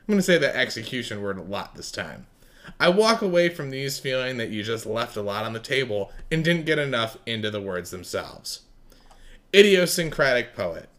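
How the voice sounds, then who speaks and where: Blunt, profane man with lively pitch. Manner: swings between loud bursts and muttered asides. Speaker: writing contest judge. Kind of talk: recorded critique of contest entries.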